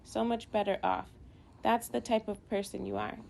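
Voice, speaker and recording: A woman reading an audiobook, voicing a caring mother who talks gently and encouragingly to her middle-school son. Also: medium pitch, steady tone, moderate pace, gravelly. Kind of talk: audiobook dialogue.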